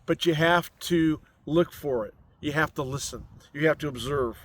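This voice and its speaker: A man giving an inspirational spiritual message outdoors on a mountain, speaking in slow, soothing, repeated affirmations. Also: a little high, a little hiss or hum. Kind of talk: inspirational sermon. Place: outdoors on a mountain overlooking a city.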